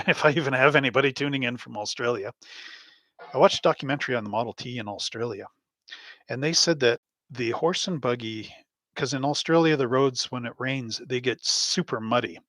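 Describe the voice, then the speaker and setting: A man's voice: medium pitch, brisk, fairly bright tone, no echo. Male host, casual live stream chat, rambling, anecdotal, chuckles often, dry close sound. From Canada. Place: home hobby room.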